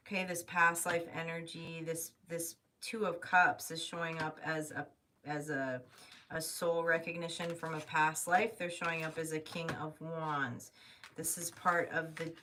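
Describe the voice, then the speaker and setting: A woman reads tarot live, her low voice carrying a bright, forceful edge. She thinks aloud, gets emotional and drops the odd swear word. She sits some way from the mic, with a faint hiss behind her. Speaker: tarot reader. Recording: distant mic with faint noise.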